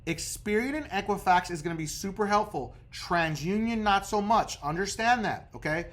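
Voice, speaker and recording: A man's voice: high voice, animated, moderate pace, fairly bright tone. Emphatic man coaching viewers. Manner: emphatic, keeps checking in with the viewer. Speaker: credit repair coach. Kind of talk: casual instructional video.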